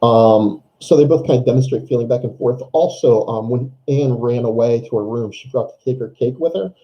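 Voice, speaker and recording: A man's voice: medium pitch, brisk, lo-fi sound. A man teaching a middle school class in a casual, rambling way with many ums and uhs. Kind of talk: recorded online class lesson.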